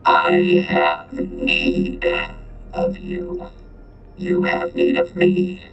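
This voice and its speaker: A man's voice: monotone, drawn-out words, dull audio, exaggerated voice. A man voicing an ancient sentient vending machine that speaks in clipped, broken phrases through a synthesized, multitonal robotic voice. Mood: ominous. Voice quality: deep, gravelly, multitonal whining.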